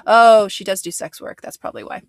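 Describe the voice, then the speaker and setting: Speaking fairly quickly at medium pitch with no echo, this reaction commentator recaps a reality show casually. She's blunt, swears, and leans on plenty of fillers.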